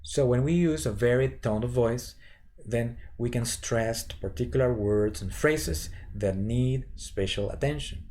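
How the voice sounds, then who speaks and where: Male voice teacher, unhurried, hesitant delivery with restarts, warm low timbre. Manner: slow, halting, with many fillers and restarts. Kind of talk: instructional lecture with vocal demonstrations.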